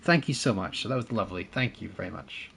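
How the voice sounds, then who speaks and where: A man talks through a naval battle game as he streams it, chatting with his viewers and laughing often. His pitch swings widely and his delivery is animated. A faint hum sits behind his voice. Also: fairly quick, creaky. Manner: chatty, reads and thanks chat, laughs often. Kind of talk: casual gameplay commentary.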